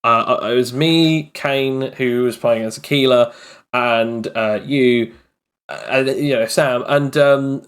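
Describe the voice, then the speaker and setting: Male game master, mid-pitched, chatty and animated, recounting a session, filler-heavy. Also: takes it slowly. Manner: animated storyteller, many fillers. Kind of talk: casual storytelling chat.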